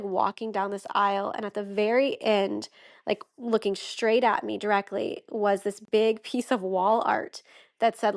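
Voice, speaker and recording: Heartfelt woman telling a personal story. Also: mid-range voice. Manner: emotional, heartfelt, frequent "like" and "um". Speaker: podcast guest.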